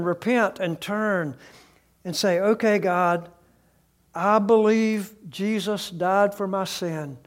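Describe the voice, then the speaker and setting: A man preaching outdoors with a fairly high voice. He takes his time over every phrase, lets words hang, and drops into soft, hushed tones for emphasis. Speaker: pastor. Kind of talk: sermon. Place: outdoors beside a tree.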